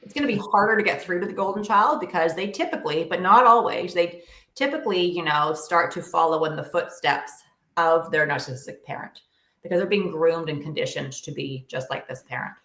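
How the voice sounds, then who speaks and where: Earnest woman coach, low voice, roomy sound. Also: lively intonation, brisk, bright, forceful tone. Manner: earnest, emphatic, frequent fillers. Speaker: guest, co-parenting coach. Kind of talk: interview conversation, explaining advice.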